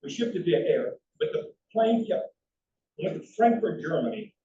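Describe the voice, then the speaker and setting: A man's voice: sits high, moderate pace, noisy background. An older man, telling anecdotes in a lecture with slides and often restarting his sentences. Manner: animated anecdotal storytelling with frequent restarts. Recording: roomy, distant, dull hall recording.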